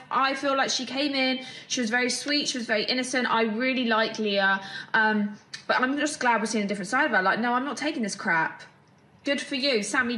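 A woman's voice: fairly high pitch, pushed and bright. A young woman hosting a casual gossip show, chatty, gushing and opinionated. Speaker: host.

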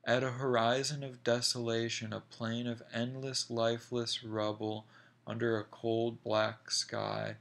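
A man reading a short story aloud in a slow, deliberate, measured way. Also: mid-range voice, vocal fry, a bit bright. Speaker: reader.

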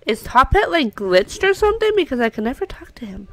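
A woman's voice: on the high side, sing-song, brisk. A young woman giving casual let's-play commentary, chatting away and cooing at the pets in her game. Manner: chatty, coos and talks to the game's pets. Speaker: gameplay commentator.

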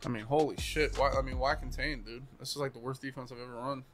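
A man's voice: mid-range voice, steady tone, fast talker, a bit bright. A man commentating his own gameplay, swearing and ranting as he plays. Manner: profane, ranting, talks to himself. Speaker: gaming streamer. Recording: music playing behind. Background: game music.

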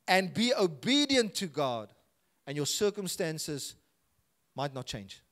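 Slowly and in a sing-song manner, a South African-accented pastor delivers an impassioned sermon, voicing scripture with rising intensity. His voice sits on the high side and sounds a bit bright.

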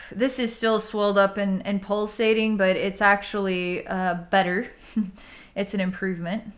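Woman psychic doing an energy reading, chatty, lots of "like", laughs and sighs, mid-pitched voice. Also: level tone, unhurried. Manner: casual and chatty, heavy use of "like", frequent laughs and sighs. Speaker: psychic healer. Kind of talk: energy healing session talk.

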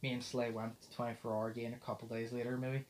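A mid-range male voice, fast-talking, comes through with slight background noise. This young podcast host recounts a story in casual chat, playing out the dialogue as he swears and laughs.

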